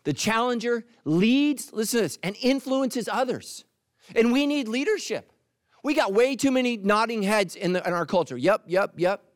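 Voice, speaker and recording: A man preaching, a pastor, speaks in a high, animated voice that swings up and down, at a moderate pace. He teases and punches his lines with playful asides; the recording is close and dry, free of room echo.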